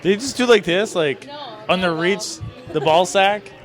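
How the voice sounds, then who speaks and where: A man's voice: sits high, measured pace, faint music behind. A man co-hosting a casual draft-party chat in a bar, teasing and goofy. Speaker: podcast co-host. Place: crowded bar. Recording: noisy crowded bar. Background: crowd chatter.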